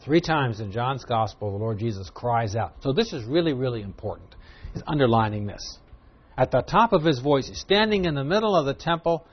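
A man preaches an expository sermon in an easy, conversational teaching manner. His voice sits at an ordinary middle pitch and climbs louder when he stresses a point. The recording is dull and lo-fi. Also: expressive, fairly quick, slightly rough. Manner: conversational Bible teaching, rising loud for emphasis. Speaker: pastor.

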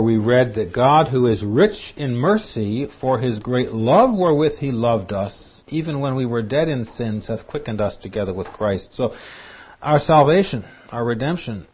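Man, preacher, sermon, emphatic, mid-pitched, dull lo-fi recording. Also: husky. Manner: animated, emphatic.

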